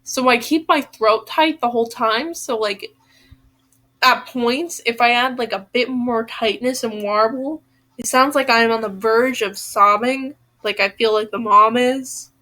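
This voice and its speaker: A woman reading a novel aloud pauses for chatty asides, filling her talk with "like". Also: fairly high pitch, bright, forceful tone. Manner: chatty, lots of "like". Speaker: audiobook reader.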